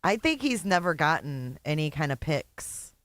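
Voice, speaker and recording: A woman's voice: deep voice, very animated, normal speed, fairly bright tone, slight background noise. A woman hosting a livestream, reacting to clips with sarcasm and frequent laughter. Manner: amused, sarcastic, laughs often. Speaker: host.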